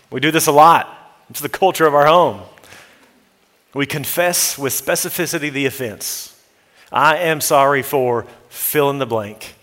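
Male pastor, mid-pitched, emphatic sermon delivery, long hall reverb. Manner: emphatic, rising to forceful exhortation and dropping low to read scripture.

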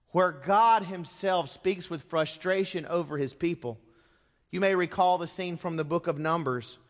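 Man, pastor, dramatic sermon storytelling, slightly high voice, long church reverb. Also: fairly bright tone. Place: church sanctuary.

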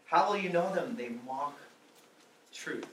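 A man's voice: on the high side, expressive, measured pace, a bit bright, a little hiss or hum. A man preaching a sermon, pressing his point with repeated rhetorical questions. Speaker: pastor. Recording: roomy echo, mic at a distance, faint ambience.

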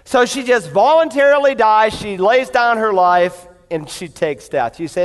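A man's voice: high voice, expressive, moderate pace, few pauses, in a large hall. A pastor preaching to a live congregation, telling an illustrative story and speaking straight to his listeners. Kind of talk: sermon. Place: church before a live congregation.

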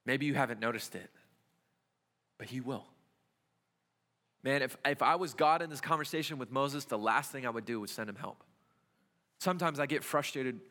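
Here the young adult youth pastor's medium-pitched voice comes across a bit bright as he preaches a conversational, question-filled sermon. Church hall reverb fills the recording from the sanctuary.

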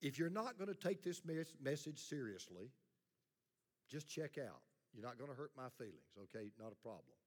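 A man's voice: medium pitch, sing-song, moderate pace. A middle-aged male pastor preaching a sermon in a blunt, plain-spoken way, leading the congregation in call-and-response. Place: church sanctuary. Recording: long hall reverb.

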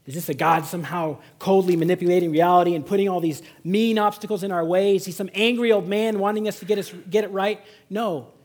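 A man preaching a Sunday sermon as a pastor, swinging between loud exhortation and hushed, intimate emphasis. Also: sits high, fairly even intonation, a little fast, hardly any pauses. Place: church service.

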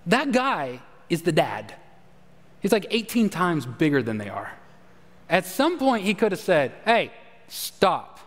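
A pastor preaching to his church in a high, light voice. He tells his story conversationally, then sinks low and quiet to drive points home. The sound rings with the long reverb of a large hall. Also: huge pitch swings, a little slow. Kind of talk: sermon. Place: church sanctuary.

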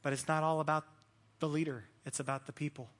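A man's voice: a little high, little pitch movement, quick pace, fairly bright tone. A man preaching a sermon as pastor, earnest and repeating words as he builds his points.

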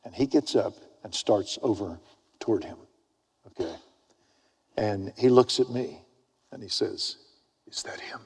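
Male preacher, husky voice, storytelling sermon, swings between loud emphasis and near-whispers, big reverberant hall. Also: lowish voice, measured pace, long pauses. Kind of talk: sermon with personal anecdote. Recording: long reverb of a large hall.

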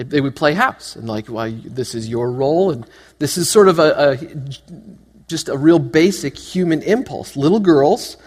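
A man preaching a sermon to his church, animated and joking, asking the congregation one question after another. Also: medium pitch. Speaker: pastor. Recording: long hall reverb.

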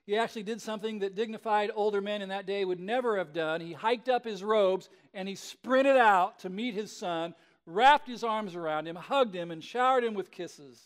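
A male pastor telling a story in a sermon, conversational and animated, often checking in with the listeners. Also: sits high, moderate pace, clear, resonant tone.

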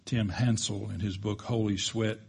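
A man's voice: fairly low pitch, steady tone, moderate pace, gravelly, a little mellow, breathy edge. A man preaching a sermon in a church, emphatic and building to strong peaks, with joking asides to the congregation. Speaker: pastor.

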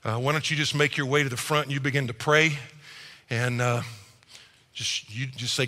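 A middle-aged male pastor preaching a sermon in a church, animated and acting out quick quoted voices. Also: medium pitch. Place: church auditorium. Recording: reverberant church hall.

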